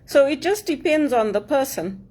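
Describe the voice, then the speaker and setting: A woman's voice: high voice, expressive, normal speed, darkish tone. A woman with a mix of English and African accent, giving an earnest, emphatic personal monologue to camera and repeating her points. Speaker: vlogger.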